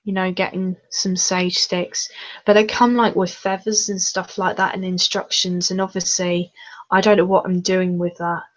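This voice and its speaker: A woman hosting a casual chat over a video call, talkative and quick to giggle. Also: lowish voice, level tone, low-quality recording. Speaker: channel host.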